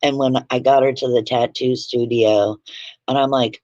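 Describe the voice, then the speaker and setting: A woman's voice: rumbling low, steady tone, moderate pace, no room sound. A woman hosting a livestream at home, telling stories in a blunt, profane, chatty way. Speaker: livestream host. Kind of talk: casual livestream storytelling. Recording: dull dry lo-fi livestream audio.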